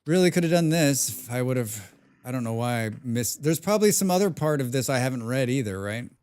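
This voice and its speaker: Man, game streamer, casual chat, hums nonsense sounds, medium pitch. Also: lively intonation, a little fast, a little mellow, clean tone. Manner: chatty, hums and mumbles nonsense sounds between remarks. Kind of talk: casual live-stream chat while playing.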